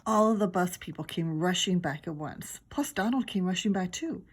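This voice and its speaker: A woman teacher reading a children's chapter book aloud, lively and giggly as she tells the story. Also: fairly low pitch, normal speed, breathy edge.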